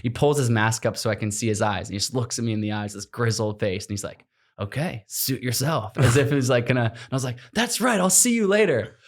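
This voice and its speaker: A man's voice: on the low side, steady tone, fast talker, hardly any pauses. A man in his thirties telling an adventure story in a podcast interview, acting out the quotes and laughing often. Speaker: guest, explorer.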